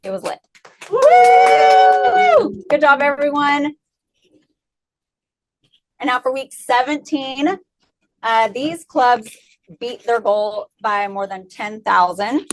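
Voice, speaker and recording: A woman cheerfully reading out weekly shoutouts at a staff meeting, cheering between items. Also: a little high, slow pace, long pauses, no room sound. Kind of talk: cheerful announcements. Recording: noisy background.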